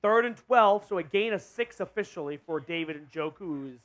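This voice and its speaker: A man hosting a live stream and calling a football game as a fan, getting excited and shouting on big plays. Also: high-pitched, moderate pace, no room sound. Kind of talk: fan play-by-play commentary.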